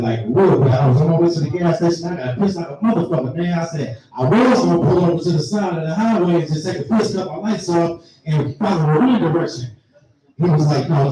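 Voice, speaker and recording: A man's voice: a little high, dark tone, distant mic. A man telling a laid-back, rambling, raunchy stand-up story on a comedy venue stage. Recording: echoey live room, mic from afar.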